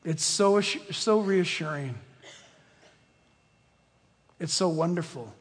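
Animated male preacher, husky tone, sermon in a reverberant church hall. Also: fairly high pitch, slow pace. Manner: animated, swings from loud to hushed. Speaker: pastor.

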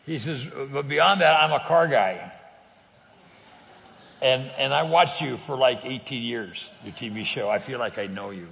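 Earnest older man with a gravelly voice. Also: medium pitch, animated, unhurried, fairly bright tone, long reverb tail. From California. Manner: earnest storyteller, repeats words, laughs easily. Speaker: guest speaker on faith sharing. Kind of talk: conversational testimony.

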